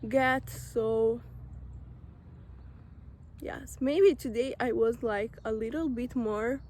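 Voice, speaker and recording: High-pitched, slow-talking woman. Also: a little mellow. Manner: earnest, direct, repeats phrases for emphasis. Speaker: self-help vlogger. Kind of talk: motivational talk to camera.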